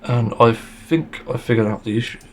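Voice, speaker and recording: A man's voice: medium pitch, normal speed, slight background noise. A man hosting a casual solo podcast monologue, speaking bluntly and frankly, with plenty of swearing and the odd sarcastic aside. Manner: sarcastic at times. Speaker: podcast host.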